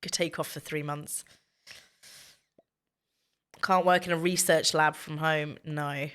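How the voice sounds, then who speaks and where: A woman's voice: sits low, fairly even intonation, slow, a bit bright, clear, resonant tone. A woman, chatting casually with her stream viewers and telling stories. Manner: chatty storytelling, reading chat aloud. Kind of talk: casual chat.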